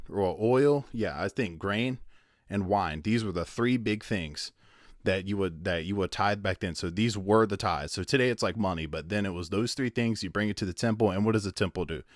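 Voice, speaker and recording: A man's voice: fairly low pitch, normal speed, dry recording, studio quality. A man teaching the Bible in a casual video, rambling and conversational with many asides and fillers. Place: at home with his wife behind the camera.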